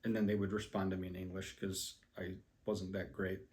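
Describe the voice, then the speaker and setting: A man's voice: deep voice, flat delivery, a little fast, a little mellow. A man casually telling a personal travel story, rambling with many ums and restarts, self-deprecating about his skills. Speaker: language learner.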